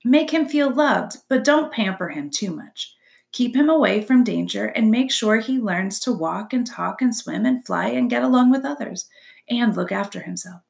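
A blunt old goose lectures in a brisk, scolding tone, as a woman voices her. Her pitch leaps about with lively emphasis. A storybook reading. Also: creaky. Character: old gray mother goose, bossy and blunt.

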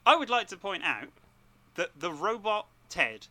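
A man co-hosting a podcast, telling animated, sweary stories in casual chat. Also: high voice, unhurried. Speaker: podcast co-host and player.

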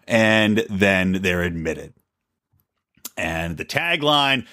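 A man hosting a solo political podcast, talking in a sarcastic, mocking, animated way. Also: medium pitch. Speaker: podcast host.

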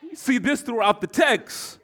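A male pastor preaching a sermon in a church, telling a story and repeating phrases as he builds to shouts. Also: very high voice, animated, a little slow.

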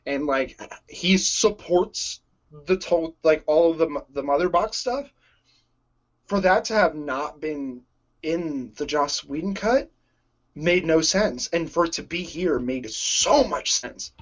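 A man in casual conversation about a superhero movie, excitable and gushing, often laughing. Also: on the high side, slow, lo-fi sound. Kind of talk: casual movie review chat.

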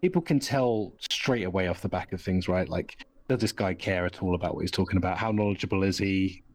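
A man hosting a podcast, chatting casually and enthusiastically in long excited runs. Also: deep voice, fairly quick, a little hiss or hum. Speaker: podcast host. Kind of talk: casual chat.

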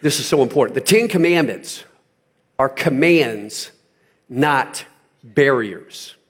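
A male pastor preaching a sermon, driving points home with emphatic repetition and rising to loud peaks. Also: medium pitch, animated, slow, breathy edge.

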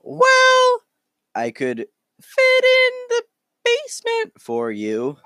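A man voicing a woman innkeeper in a shrill, drawn-out, squeaky voice. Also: huge pitch swings, pushed and bright, no echo, studio quality, exaggerated voice. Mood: obliging.

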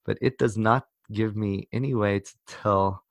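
A man's voice: on the low side, fairly even intonation, unhurried, gravelly, no room sound. A South African man telling a long story in casual chat on a video call, rambling with many restarts. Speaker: podcast co-host.

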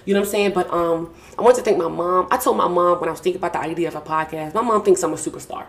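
A young adult woman hosting a podcast from a small home studio, talking in a casual, effusive, slangy way and warmly thanking the people close to her. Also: lowish voice, rapid-fire. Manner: warm, effusive, slangy, repeats thank-yous. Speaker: podcast host. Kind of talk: casual heartfelt podcast talk. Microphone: podcast mic with mixing board.

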